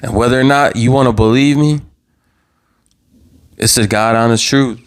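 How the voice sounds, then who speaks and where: A man's voice: mid-range voice, fairly even intonation, normal speed, smooth. A man hosting his own live talk show, worked up and passionate, repeating words and swearing as he speaks. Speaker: show host. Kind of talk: impassioned live commentary. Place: own channel livestream.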